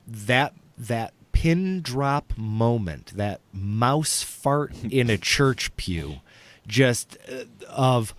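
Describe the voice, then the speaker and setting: A man's voice: mid-range voice, lively intonation, extremely slow, no room sound. A man, a guest on a talk show, telling crude stories in casual chat with laughter, profanity and many restarts.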